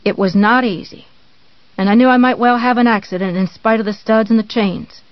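A reader voicing a pious, menacing middle-aged woman who speaks slowly and sweetly, in a dull, dry audiobook recording. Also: medium pitch, fairly even intonation, clean tone, no echo, lightly acted. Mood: calm, pious.

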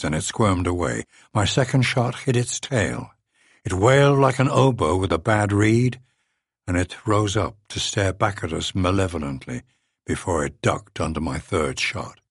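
A man giving a measured, dry first-person audiobook narration into a close studio mic. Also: sits low, animated, slightly rough, no room sound.

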